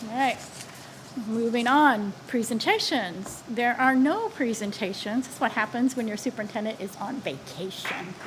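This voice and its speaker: A woman's voice: fairly high pitch, normal speed, noisy background. A woman serving as school board president, chairing a formal meeting on a table microphone and joking and laughing between agenda items.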